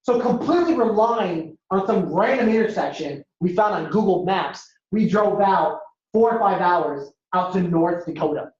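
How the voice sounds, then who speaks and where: A man giving a lively storytelling talk as a guest speaker at a university, acting out dialogue in a casual way. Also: sits high, moderate pace, few pauses. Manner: animated, acts out dialogue, casual. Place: university lecture hall. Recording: echoey hall, dull lo-fi sound.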